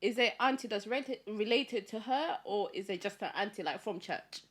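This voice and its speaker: A woman co-hosting a casual podcast, chiming in with quick reactions and teasing remarks. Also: medium pitch, breathy edge. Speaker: podcast co-host.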